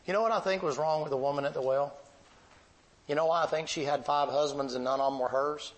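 A man preaching, telling a long story in a folksy, drawn-out way. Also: on the high side, rough recording. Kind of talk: sermon storytelling.

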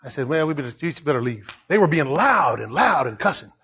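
Older man, pastor, fiery sermon, husky high voice, dull lo-fi sound. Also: very animated, a little fast. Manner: emphatic, rising to shouts. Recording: dull lo-fi recording.

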